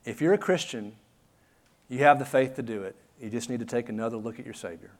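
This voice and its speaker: A man delivering a sermon in an earnest, conversational way, speaking straight to the congregation and leaning on rhetorical questions. His voice sits at an ordinary middle pitch for a man. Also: quick pace. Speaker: pastor.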